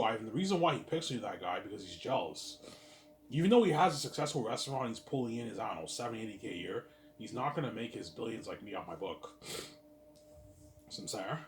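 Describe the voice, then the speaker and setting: A man with a low voice tells a long, rambling story, repeating himself, restarting lines and swearing as he goes. He sounds tired. A faint hiss of noise sits behind him. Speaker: vlogger. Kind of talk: casual storytelling monologue.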